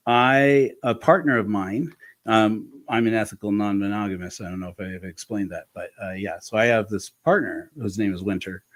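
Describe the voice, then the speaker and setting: A man as an interview guest, telling personal stories in a frank, animated way with frequent restarts. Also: fairly low pitch. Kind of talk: candid conversational storytelling.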